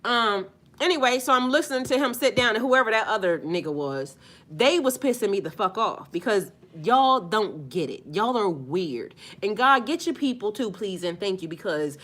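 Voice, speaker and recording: A woman's voice: medium pitch, lively intonation, moderate pace, a bit bright. A woman working as a spiritual life coach, ranting in a heated, profane, emphatic vlog monologue.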